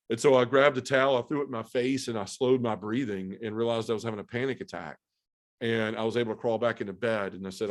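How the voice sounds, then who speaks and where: A man's voice: medium pitch, steady tone, fast. A middle-aged man, a podcast guest, telling his personal testimony in a candid, earnest way and acting out his own thoughts.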